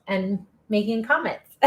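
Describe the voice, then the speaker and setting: A woman's voice: medium pitch, animated, slow pace. A woman hosting a live-streamed interview show, chatty and upbeat, cheering her listeners on. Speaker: podcast host.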